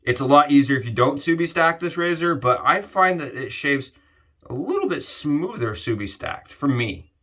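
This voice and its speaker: A man's voice: medium pitch, sharp tone. A young man talking casually to his viewers while he shaves, chatty and repeatedly addressing them as guys. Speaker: shaving vlogger. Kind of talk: casual talk to camera while shaving.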